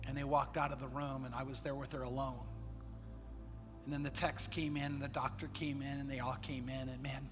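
A man, a pastor, telling a personal story in a sermon, earnest and dropping quiet in the sad parts. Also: mid-range voice, little pitch movement, a little fast, in a large hall, music in the background. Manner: earnest storyteller, quotes others in his own voice, drops quiet in sad parts.

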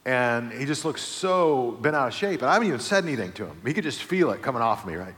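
A middle-aged man preaching a sermon as pastor, telling a family story, moving between quiet, low passages and loud, animated stretches. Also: fast. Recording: long reverb of a large hall.

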